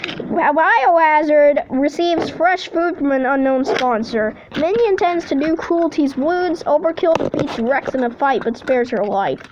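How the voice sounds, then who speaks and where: A woman's voice: high-pitched, animated, unhurried, dull audio, background noise. A woman host reading simulated game results aloud, adding playful jokes and cheers between lines. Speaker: channel host.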